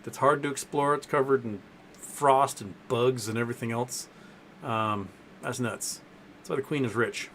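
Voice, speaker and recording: A man's voice: medium pitch, normal speed, a little hiss or hum. Rambling man hosting a casual livestream. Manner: rambling, with filler sounds and self-corrections; softens his voice to talk to his dogs. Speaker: livestream host answering viewer questions. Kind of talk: casual live-stream chat.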